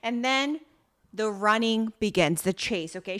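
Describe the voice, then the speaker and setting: A woman co-hosting a podcast, retelling a drama plot in lively casual chat, with frequent swearing. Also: on the high side, takes it slowly, background noise. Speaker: podcast co-host.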